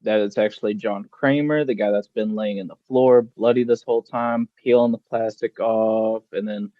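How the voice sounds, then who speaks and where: A man's voice: on the low side, steady tone, normal speed, no room sound, narrow, tinny audio. A man co-hosting a casual podcast about horror films, steadily recounting a film plot. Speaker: podcast co-host.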